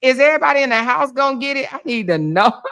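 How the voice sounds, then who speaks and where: A woman with laryngitis hosting a casual livestream, talking loudly to her viewers, full of laughs and exclamations. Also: high voice, fast. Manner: loud, laughing, animated, talking to chat as "y'all". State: hoarse with laryngitis. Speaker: livestream host.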